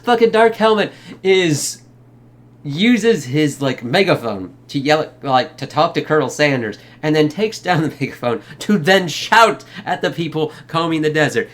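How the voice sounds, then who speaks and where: A man's voice: a little high, animated, normal speed, a bit bright. A man giving a casual spoken movie review, rambling loosely, swearing a lot and laughing often.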